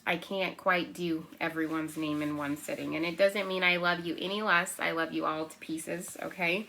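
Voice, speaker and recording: A young woman teaching a remote circle-time lesson to small children, gentle and encouraging, often checking in with "right?" and slowly counting and clapping out syllables. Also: on the low side. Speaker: preschool teacher.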